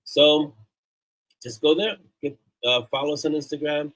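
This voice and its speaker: A man's voice: a little high, fairly even intonation, measured pace, fairly bright tone, poor audio. A man hosting a casual live stream, chatty and upbeat as he plugs links and thanks his supporters. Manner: loose and off-the-cuff, with fillers and restarts. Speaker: livestream host.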